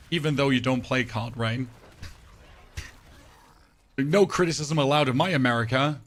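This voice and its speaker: This male streamer's voice, temporarily rougher and deeper than usual, still carries a slightly bright edge at a moderate pace. He chats loosely with his live viewers, bantering and reading their messages with sarcastic remarks.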